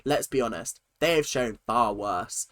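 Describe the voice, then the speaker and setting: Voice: mid-range voice, lively intonation, a little slow, fairly bright tone, no echo. A host ranting indignantly while reacting to a TV show, in heated, fired-up commentary.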